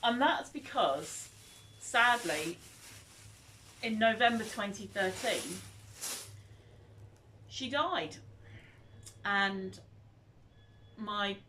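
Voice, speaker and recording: A woman in her fifties chatting casually as a vlogger, animated and nostalgic as she reminisces. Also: medium pitch, very slow, pauses often, slight background noise. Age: 50s.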